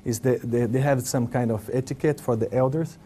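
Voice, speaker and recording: A man with an Italian accent recalls past years in an easy conversation. He speaks English as a second language, often stops and restarts to find the right word, and his voice sits at an average pitch. A faint hiss runs under the recording. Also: steady tone, dark tone. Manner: halting, searching for English words with many restarts. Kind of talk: casual reminiscing conversation.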